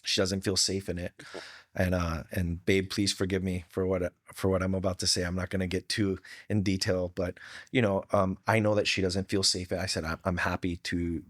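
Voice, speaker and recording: A man's voice: low-pitched, flat delivery, moderate pace, fairly bright tone, no echo, clean studio sound. A middle-aged man from Hawaii, a podcast guest telling personal stories in an earnest, heartfelt way with casual slang. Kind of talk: candid storytelling.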